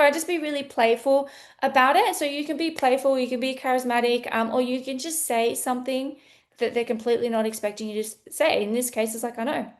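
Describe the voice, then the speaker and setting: A woman's voice: high voice, a little fast. A woman sales coach teaching in a casual, blunt, playful way, acting out bits of sales calls. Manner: animated, blunt, playful, acts out sales dialogue.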